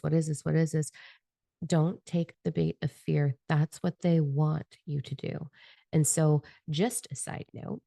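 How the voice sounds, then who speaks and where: Low, gravelly, fervent spiritual woman. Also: dark tone, no room sound, clean studio sound. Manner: fervent, profane and rambling, admits getting carried away. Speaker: spiritual channeler giving a monthly energy forecast. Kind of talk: passionate unscripted monologue with tarot cards.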